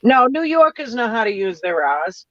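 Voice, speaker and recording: Brief: woman with a Boston accent, high voice, blunt casual talker, muffled dry sound. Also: big pitch swings, normal speed, fairly bright tone, dry recording. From New Hampshire. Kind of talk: casual chat.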